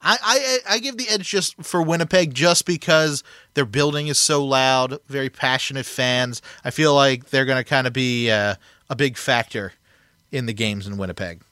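A young man co-hosting a casual sports chat, speaking in an even, matter-of-fact way. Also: medium pitch, normal speed, no echo, studio quality. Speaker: podcast co-host.

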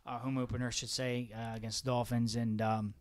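Excitable man rambling about football. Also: brisk, clear, resonant tone. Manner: excitable, rambling, pitch jumps when animated. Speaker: podcast co-host. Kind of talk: casual sports chat.

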